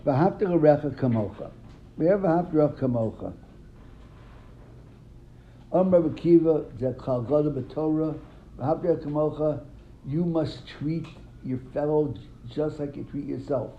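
A man's voice: a little high, moderate pace, slight background noise. A man teaching a Talmud class, quizzing his students and retelling stories animatedly, often repeating words. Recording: dull lo-fi sound, faint room ambience.

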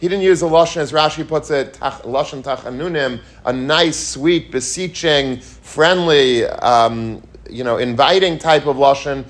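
A man's voice: on the high side, a little slow, few pauses. Earnest man giving a Torah lecture. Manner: earnest, repetitive, rhetorical questions, Hebrew and Yiddish terms. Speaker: rabbi teaching the weekly Torah portion.

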